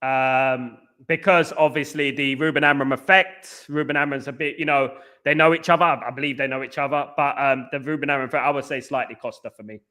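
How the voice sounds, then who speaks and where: A man's voice: medium pitch, steady tone, quick pace, sharp tone. A man hosting a casual live stream, reading out comments and answering in a rambling, jokey way that repeats phrases. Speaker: host.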